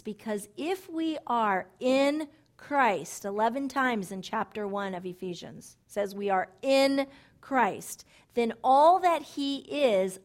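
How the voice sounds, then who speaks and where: A woman with a fairly high voice preaches to a gathering of women. She is animated and emphatic, driving points home through repetition. Now and then she drops into soft, hushed asides. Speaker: women's ministry speaker. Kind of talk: sermon-style Bible teaching.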